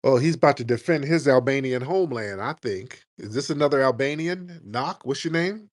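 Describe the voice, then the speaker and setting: A man's voice: medium pitch, animated, dry recording, studio quality. Combative, mocking male stream host. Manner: combative, mocking, rapid-fire insults. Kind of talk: live call-in stream debate.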